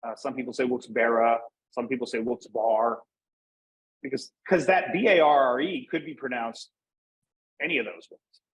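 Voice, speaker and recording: Husky rambling man from Pennsylvania. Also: medium pitch, animated, a little fast, rough recording. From Northeast Pennsylvania. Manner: rambling, many fillers and restarts. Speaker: podcast guest. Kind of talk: casual interview chat.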